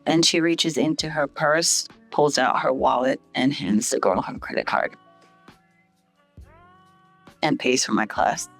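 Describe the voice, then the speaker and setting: Unhurried and pausing often, this middle-aged woman from St. Vincent speaks in an extremely low voice over soft music. The hospital CEO recounts her life casually as a podcast guest, enlivening it by loudly playing out others' quoted words.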